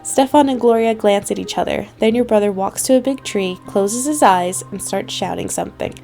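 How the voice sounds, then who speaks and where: A woman's voice: mid-range voice, sing-song, moderate pace, creaky, warm tone, soft background music. A young woman hosting a gaming video, reading the story text aloud with playful asides. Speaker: gaming channel host. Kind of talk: let's play narration.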